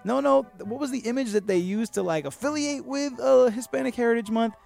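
A man's voice: very high voice, a little fast, creaky, faint music behind. A man hosting a podcast, raised in Miami, giving sarcastic, profane comedic commentary on the news. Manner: animated, sarcastic, swears a lot. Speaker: podcast host.

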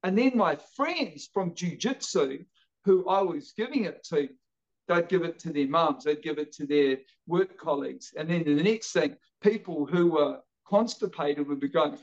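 A man from New Zealand, an energetic podcast guest telling his story with lively acted-out quotes. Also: fairly high pitch, moderate pace, dull audio. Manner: energetic, acts out quoted voices. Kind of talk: animated storytelling.

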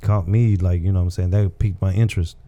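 A man's voice: sits low, fairly even intonation, quick pace, warm tone. A man from Texas, a comedian guest, chatting casually and telling rambling stories, often adding "you know what I'm saying". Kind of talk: casual podcast chat.

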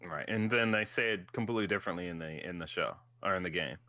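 A man's voice: low-pitched, quick pace, sharp tone, no echo. An American man in casual chat, rambling and laughing easily as he talks.

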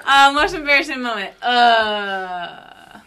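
A young adult woman, telling a story in casual chat, animated and profane, laughing through her words. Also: fairly high pitch, slow, very noisy.

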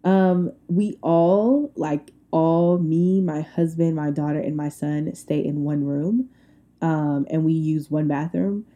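A woman's voice: sits low, slow pace, highs cut off. A woman in her twenties hosting a casual solo podcast, telling stories bluntly and colloquially with lots of laughter. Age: 20s. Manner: animated storytelling with frequent laughs and rants. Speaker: podcast host.

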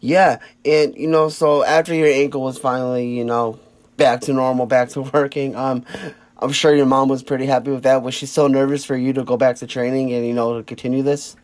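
A man's voice: medium pitch, a little fast. Laid-back male interviewer. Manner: relaxed, many "you know" fillers, swears casually. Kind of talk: casual interview.

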